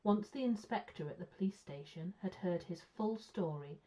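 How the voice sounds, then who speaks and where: A woman teacher reading a children's story aloud with clear, expressive storytelling. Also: fairly low pitch, normal speed. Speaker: primary school teacher. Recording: muffled lo-fi sound.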